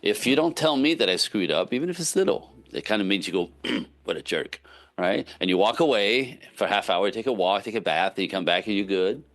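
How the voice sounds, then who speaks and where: A man's voice: on the low side, brisk. A man, a relationship coach speaking as a podcast guest, giving casual but emphatic advice and often checking in with "right?". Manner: emphatic, animated, frequent "right?" tags.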